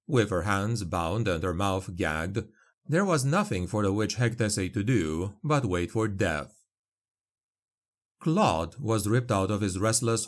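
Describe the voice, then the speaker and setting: A man narrating a dark fantasy audiobook in a grave, measured way. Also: fairly low pitch.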